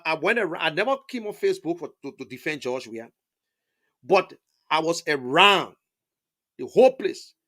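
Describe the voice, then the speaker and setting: A man from Liberia speaking with a Liberian English accent, his voice sitting high for a man. He talks in an emphatic, repetitive rush of testimony. He restates his points and stumbles over repeated words as he argues. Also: pushed and bright. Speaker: interviewee, political supporter. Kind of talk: impassioned conversational testimony.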